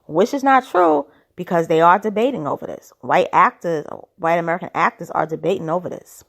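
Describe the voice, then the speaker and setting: A woman's voice: fairly low pitch, lively intonation, a little fast, vocal fry, hardly any pauses. A woman talking through casual, opinionated commentary, asking skeptical rhetorical questions, her throat a little dry. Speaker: commentary vlogger.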